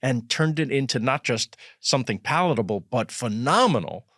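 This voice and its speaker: A man's voice: mid-range voice, lively intonation, normal speed, a bit bright, no room sound, studio quality. A man in his sixties, an enthusiastic guest talking emphatically in a casual chat.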